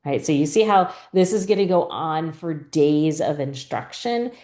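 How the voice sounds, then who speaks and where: A woman's voice: low-pitched, mellow. A woman teacher, patiently explaining a spelling rule and often checking in with "right?". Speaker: reading teacher. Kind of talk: instructional explanation.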